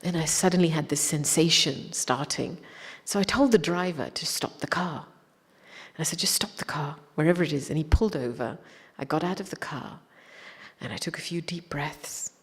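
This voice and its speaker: A woman's voice: deep voice, moderate pace, husky. A woman spiritual teacher telling a personal story in a reflective way, often dropping to a whisper. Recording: long hall reverb.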